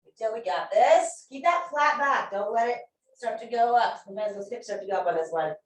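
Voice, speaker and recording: A woman's voice: on the high side, expressive, fairly quick. A woman fitness instructor leading a core workout class with upbeat, encouraging, chatty cues. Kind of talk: guided workout class cueing. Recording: echoey room from far off mic.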